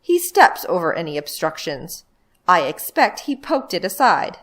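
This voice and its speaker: A woman's voice: lowish voice, sing-song, a little slow, fairly bright tone. A woman voicing a bossy, scornful eldest brother who talks in a curt, dismissive way.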